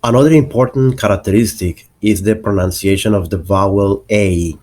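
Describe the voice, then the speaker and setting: A man narrating a lesson on English accents, explaining slowly and deliberately and spelling out example words. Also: on the low side, darkish tone.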